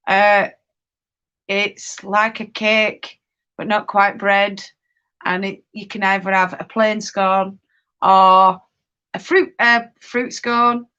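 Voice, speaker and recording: A woman's voice: medium pitch, fairly bright tone. A woman hosting a live stream, chatting casually while knitting and answering viewer comments, laughing often. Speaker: livestream host.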